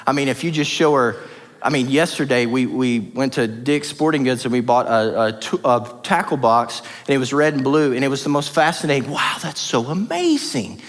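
A man's voice: mid-range voice, brisk. A man preaching a sermon as pastor, passionate and emphatic, with lots of repetition. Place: church hall. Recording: reverberant church hall.

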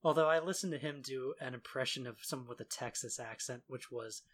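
A man's voice: mid-range voice, a little fast, a bit bright. A young man co-hosting a podcast in casual chat, swearing freely, laughing often and restarting his sentences. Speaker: podcast co-host.

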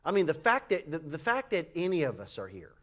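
A man preaching a sermon, telling a folksy story with animated voices for the people in it. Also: brisk. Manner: folksy, animated storytelling with acted high-pitched quotes. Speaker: pastor.

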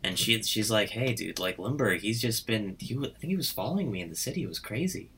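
A low-pitched man with a bright, forward tone chats loosely through a story he made up. His talk rambles and fills with "like" as he slips into the characters' lines. Faint noise sits under the recording. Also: expressive, fast. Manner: rambling, full of "like" and quoted voices. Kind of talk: casual chat, retelling a story.

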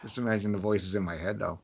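A man hosting a podcast, telling crude, animated stories and laughing often. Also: lowish voice, fairly quick, gravelly, slightly rough, highs cut off. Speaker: podcast host. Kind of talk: casual chat.

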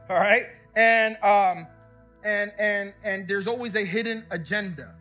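Bright high-voiced male pastor preaching. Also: a little slow, soft background music. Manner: storytelling, call-and-response questions to the congregation. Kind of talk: sermon. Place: church service before a congregation.

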